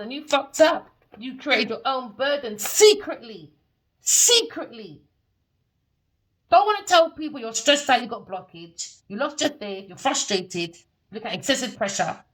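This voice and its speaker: A woman giving a tarot reading as a profane, scornful rant, swinging between loud outbursts and low mutters. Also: rough recording. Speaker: tarot reader.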